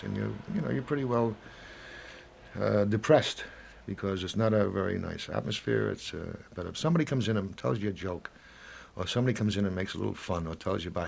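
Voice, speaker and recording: A man's voice: lowish voice, a little fast, creaky, a little mellow, husky. A man in his seventies in an interview, rambling and reflective, acting out little quoted dialogues as he talks. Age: 70s.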